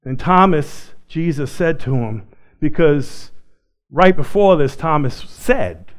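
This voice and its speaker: A man preaching a sermon, swinging between loud, excited passages and quiet, hushed ones. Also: on the high side, slow. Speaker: pastor.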